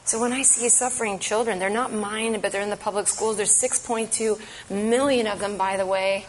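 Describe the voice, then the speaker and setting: A woman's voice: medium pitch, steady tone, moderate pace, slight background noise, rough recording. A woman giving an impassioned, emphatic advocacy talk at a church event. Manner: earnest, emphatic, urgent.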